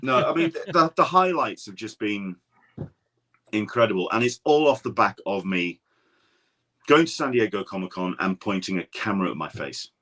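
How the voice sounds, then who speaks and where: A man's voice: lowish voice, animated, normal speed, a bit bright. An English man, a guest podcaster, telling stories in casual chat, rambling with frequent restarts. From England. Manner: rambling anecdotal storyteller, many restarts.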